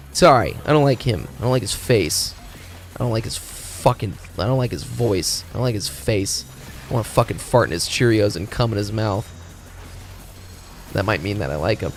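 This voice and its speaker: A man's voice: lowish voice, expressive, moderate pace, pauses often, soft background music. Profane, ranting male streamer. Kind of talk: casual stream chat.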